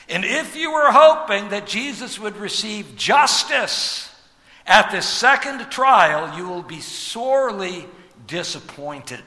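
A man preaching a sermon as pastor, animated, with rhetorical asides and sudden drops to a hush. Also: sits high, long reverb tail.

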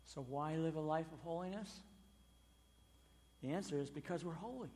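A male pastor delivering a sermon in a church. His fairly high voice is emphatic, surging on key words and then sinking low and quiet. A long reverb from the large hall trails after every phrase. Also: normal speed. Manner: emphatic, swinging between loud stresses and quiet drops.

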